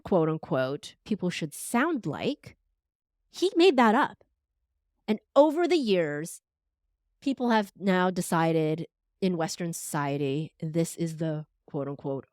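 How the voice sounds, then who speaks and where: A woman guest on a podcast interview, a voice coach talking in an expressive, animated conversational way. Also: lowish voice, dry recording, clean studio sound. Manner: expressive, animated, uses air quotes verbally.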